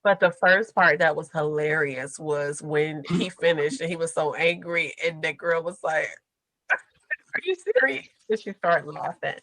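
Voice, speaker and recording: A woman's voice: deep voice, steady tone, a little slow, fairly bright tone, dry recording, low-quality recording. A young adult woman hosting a casual group podcast, chatty and slangy, laughing as she tells stories. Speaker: podcast host.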